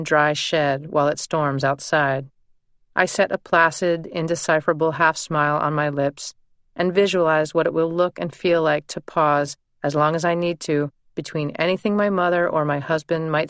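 A woman narrating her own memoir in a measured, deliberate first-person reading. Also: low voice, fairly bright tone, clean tone, no echo, clean studio sound.

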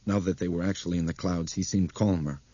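A man reading a novel aloud as narrator, in a steady, measured way. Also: low-pitched, husky, no room sound. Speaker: audiobook narrator. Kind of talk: scripted narration. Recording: dry, dull close-mic audio.

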